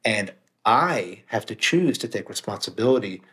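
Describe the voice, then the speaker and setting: A man's voice: on the low side, lively intonation, moderate pace, a bit bright. Emphatic, plainspoken man talking. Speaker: guest author and meditation teacher. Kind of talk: casual conversation.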